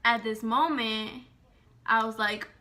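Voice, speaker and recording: A young woman telling a personal story in a casual vlog, animated and slangy, full of "like" and swearing. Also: fairly high pitch, slow.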